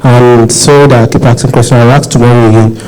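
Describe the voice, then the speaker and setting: A man's voice: medium pitch, steady tone, fast talker, a little mellow, clean tone, rough recording. Rambling man asking a question. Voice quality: rambling, repeats himself, laughs nervously. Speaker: audience member asking a question. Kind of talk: audience question at a seminar.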